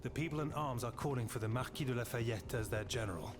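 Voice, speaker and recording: A man's voice: medium pitch, quick pace, natural voice. A man voicing a grave, formal aristocratic general in a video game cutscene, speaking in a stately way.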